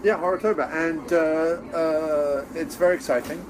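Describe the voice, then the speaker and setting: A man's voice: a little high, fairly even intonation, normal speed. A man co-hosting a casual podcast, rambling and playful with jokey asides. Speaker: podcast co-host. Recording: noisy background. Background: diner ambience.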